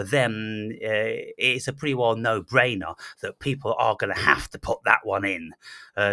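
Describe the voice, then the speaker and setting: A man rants straight to the listener in a blunt, profane monologue that stumbles through fillers and restarts. His voice is bright and forceful, and it is recorded dry and close. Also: on the low side, dry recording. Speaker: channel host. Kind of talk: ranting monologue.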